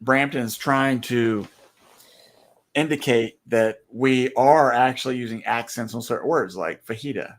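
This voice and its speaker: A man's voice: medium pitch, unhurried. A man with a Southern US accent, co-hosting a casual chat over a video call, joking and rambling through asides. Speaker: co-host.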